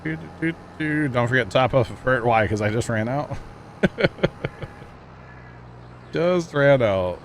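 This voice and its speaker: A man rambles to his livestream chat while he plays a farming game, chuckling often between thoughts. His voice sits at an ordinary middle pitch, and a faint noise hums behind him. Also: fairly quick, hardly any pauses, fairly bright tone. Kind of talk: casual chat while playing.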